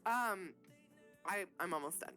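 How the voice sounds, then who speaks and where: A woman running a tabletop game as game master, telling the scene in a casual, profane, animated way. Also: lowish voice, unhurried, soft background music.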